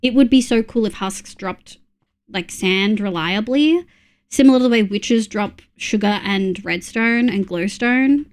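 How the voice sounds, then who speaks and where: A woman's voice: mid-range voice, a little slow. A woman from Australia streaming a game, counting items under her breath between chatty asides to her viewers. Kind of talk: casual gameplay chat with chat readers.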